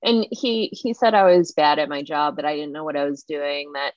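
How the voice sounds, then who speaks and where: A woman guest retelling a workplace story in casual, animated talk full of fillers. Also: low-pitched, moderate pace, no room sound. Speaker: interview guest. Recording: muffled lo-fi dry recording.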